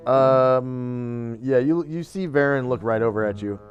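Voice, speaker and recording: A man running a tabletop game, slow and halting with fillers. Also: mid-range voice, lo-fi sound, soft background music. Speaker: game master.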